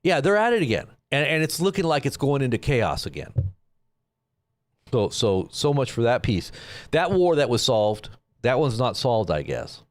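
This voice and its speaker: A man's voice: medium pitch, big pitch swings, moderate pace. Sarcastic rambling man. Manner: sarcastic, rambling, with frequent restarts. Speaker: live stream news commentator. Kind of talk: casual sarcastic commentary.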